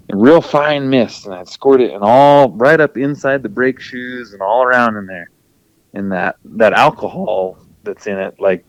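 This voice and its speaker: A man who drives trucks and hosts a podcast, telling a story in a casual, animated way and acting out his own quoted thoughts. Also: on the low side, dry recording, muffled recording.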